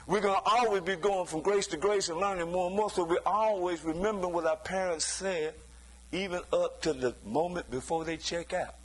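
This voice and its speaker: A man's voice: high-pitched, normal speed, rough recording. A man preaching a sermon in a loose, conversational way, often stopping to ask "you see?" and chuckling between points. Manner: chuckles between points, acts out quoted voices.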